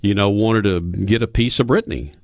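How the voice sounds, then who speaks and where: A man's voice: lowish voice, a little fast, no room sound. A man, a radio guest telling folksy stories. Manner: anecdotal, folksy, animated when quoting others. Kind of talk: storytelling interview.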